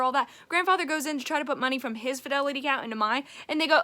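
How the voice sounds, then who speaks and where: Bright-voiced young woman vlogging. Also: high-pitched, very fast, few pauses. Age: young adult. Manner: rambling, chatty, rising to exasperated rants. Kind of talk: casual daily vlog chat.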